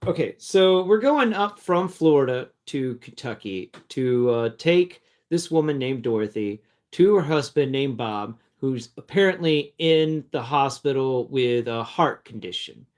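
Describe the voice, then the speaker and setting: A man's voice: mid-range voice, animated, measured pace, few pauses, a little mellow. A man telling a personal story in a casual, rambling way, often repeating words and restarting sentences. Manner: chatty, breaks off to talk to his cat.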